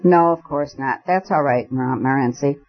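A man's voice: mid-range voice, moderate pace, muffled recording, close to an everyday voice. A man voicing a gloomy male army lieutenant who speaks in a cutting, clipped, abrupt way. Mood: curt.

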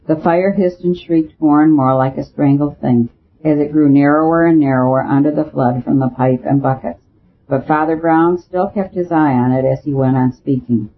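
A man reading an audiobook as narrator, with a steady, even storytelling delivery. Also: fairly high pitch, normal speed. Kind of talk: scripted narration. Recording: tinny phone-like audio.

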